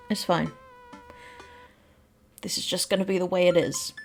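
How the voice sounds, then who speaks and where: A woman's voice: fairly low pitch, animated, a little slow, faint music behind. A woman giving rambling, self-deprecating casual commentary while playing a game. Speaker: let's play host.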